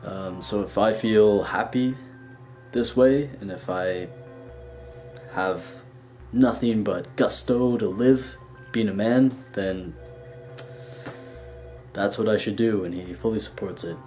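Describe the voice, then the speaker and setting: A man's voice: lowish voice, slow pace, pauses often, a little mellow, soft background music. A young man in his twenties telling a personal story on his vlog in a dry, frank, wry way. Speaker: vlogger.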